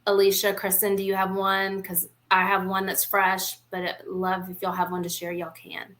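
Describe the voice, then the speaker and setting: A woman's voice: mid-range voice, completely flat delivery, moderate pace, a bit bright. A woman co-hosting a podcast, telling frank, playful stories in a casual chat. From small town in the United States. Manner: chatty storytelling, playful and frank. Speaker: podcast co-host.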